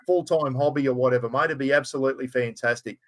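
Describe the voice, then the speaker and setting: A man's voice: mid-range voice, steady tone, fast talker, a bit bright, poor audio. An older Australian man hosting a casual live-stream chat, friendly and matey, calling everyone mate. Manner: matey, says "mate" constantly. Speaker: host.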